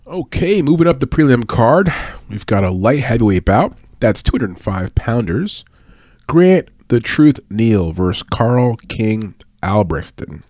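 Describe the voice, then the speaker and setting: A man's voice: medium pitch, darkish tone, no echo, clean studio sound. A man giving casual fight predictions and betting tips, chatty, with fillers and small laughs. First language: English. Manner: chatty, laughs at own remarks, lots of fillers. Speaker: fight analyst and betting tipster.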